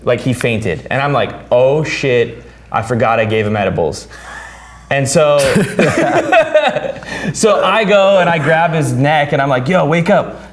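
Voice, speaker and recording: A man hosting a podcast who tells a story in casual chat, swearing freely and loudly acting out what people said. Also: mid-range voice, takes it slowly. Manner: animated, swears freely, acts out quotes loudly. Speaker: podcast host.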